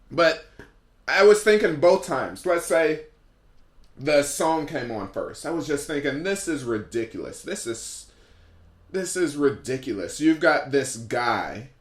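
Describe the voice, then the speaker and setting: A man's voice: high-pitched, a bit bright. A man hosting a solo podcast, ranting sarcastically and mocking what he criticizes, recorded in an echoey room. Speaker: podcast host.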